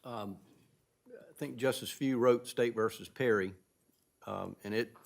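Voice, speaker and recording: Halting man questioning from the bench. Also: mid-range voice, vocal fry. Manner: halting, searching, many restarts. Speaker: appellate justice.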